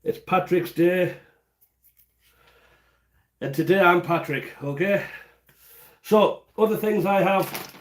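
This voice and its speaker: A man's voice: high voice, slow pace, pauses often. Chatty man cooking at home. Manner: chatty, rambling step-by-step explaining. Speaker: home cooking channel host. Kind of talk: casual cooking livestream. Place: home kitchen.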